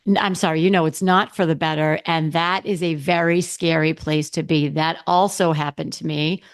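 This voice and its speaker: A middle-aged woman hosts her podcast alone, her low, smooth voice holding fairly even intonation at a moderate pace. The talk is casual and candid, rambling with many restarts and self-corrections.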